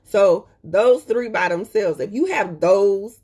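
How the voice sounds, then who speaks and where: A woman's voice: mid-range voice, takes it slowly, warm tone, breathy edge. A woman talking casually and emphatically to her viewers, repeating her points and often checking in with "okay?". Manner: colloquial, addresses viewers as "y'all". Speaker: host. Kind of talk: casual live-stream chat.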